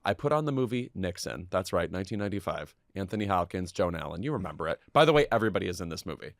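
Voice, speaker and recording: A man's voice: low voice, very animated, gravelly, no room sound. Campy witty man on a dry studio mic. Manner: campy, quick-witted banter. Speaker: podcast co-host. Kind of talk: casual chat and ad reads.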